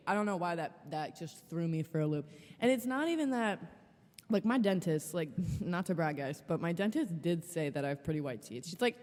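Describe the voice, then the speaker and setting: A woman's voice: low-pitched, lively intonation, a little fast, darkish tone, big-room sound. A woman hosting a podcast, telling a story in a casual, rambling way that is frank and full of swearing. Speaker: podcast host.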